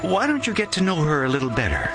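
A man's voice: on the high side, huge pitch swings, fast, over loud music. A middle-aged man who narrates a radio drama and plays the head of an orphanage, telling the story in a thoughtful way and chuckling fondly.

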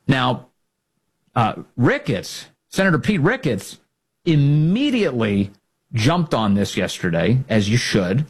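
A political talk show host speaks slowly yet very animatedly, his voice carrying a breathy edge. He is sarcastic and opinionated, often mocking opponents in high put-on voices.

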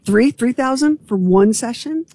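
A woman co-hosting a chatty podcast. She is animated, exclaims often and pokes fun at herself. Her voice is mellow and a little husky, close to a dry mic. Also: fairly high pitch, unhurried, no room sound. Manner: animated, self-deprecating, exclamatory. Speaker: podcast co-host. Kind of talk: casual chat.

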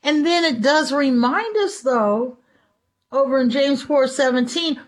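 Chatty higher-voiced woman preacher. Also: measured pace. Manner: chatty, acts out everyday quotes. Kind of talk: conversational Bible teaching.

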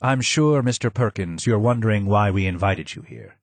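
A man voicing a bitter, ailing old Persian man who speaks hoarsely and forcefully. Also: fairly low pitch, animated, normal speed, no room sound.

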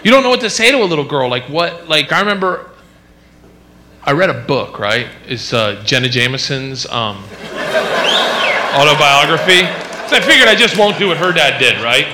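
A man's voice: on the high side, expressive, normal speed, noisy background. A man telling a stand-up story about fatherhood in a loose, rambling way full of "like" fillers. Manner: rambling, heavy use of "like" fillers. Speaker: stand-up comedian.

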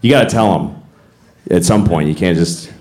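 A man's voice: sits low, moderate pace. A middle-aged man doing a stand-up comedy routine, telling stories animatedly and acting out voices. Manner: animated storytelling with acted-out voices, often laughing. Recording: echoey venue with background noise.

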